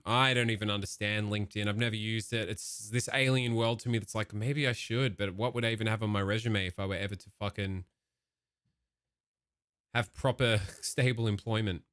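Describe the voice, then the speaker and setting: A man giving casual, profane reaction commentary as a streamer, given to animated rants. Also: fairly low pitch, normal speed, smooth, dry recording, clean studio sound.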